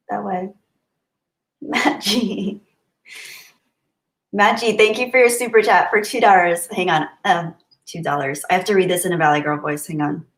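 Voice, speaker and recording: A woman hosting a casual livestream, chatting and answering viewer comments aloud. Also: lowish voice. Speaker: livestream host. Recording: roomy echo.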